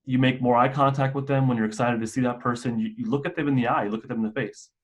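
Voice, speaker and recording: A man's voice: medium pitch, fairly even intonation, fast talker, muffled recording. Man explaining, casual presenter. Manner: casual explanatory, occasional restarts. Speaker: mental health clinician. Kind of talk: presenting a staff and parent training.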